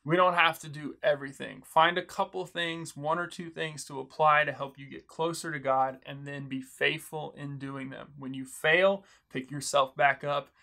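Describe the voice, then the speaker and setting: A man's voice: fairly high pitch, steady tone, normal speed, creaky, hardly any pauses, sharp tone. Earnest man summarizing a book. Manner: earnest, encouraging, quotes the author often. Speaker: Bible study teacher. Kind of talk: video book overview, teaching.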